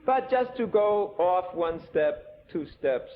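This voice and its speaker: A man giving a scripture lecture as a sermon, telling it with animated storytelling and sarcastic asides. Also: sits high, takes it slowly. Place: temple lecture hall. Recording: tinny lo-fi 1980 tape with faint hiss.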